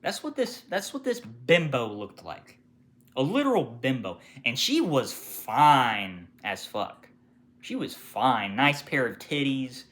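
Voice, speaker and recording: Young male retail worker venting on camera, animated and bright, heavy swearing. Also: medium pitch. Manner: profane, animated, mimics customers with sudden shouts. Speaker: retail worker telling customer stories. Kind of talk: casual storytime rant.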